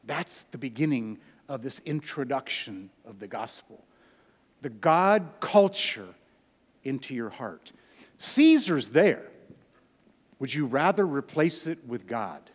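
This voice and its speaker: 60s guy preaching, slow and deliberate, big hall reverb around him. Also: big pitch swings. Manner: swings from loud emphatic peaks to hushed low phrases. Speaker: pastor. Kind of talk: sermon.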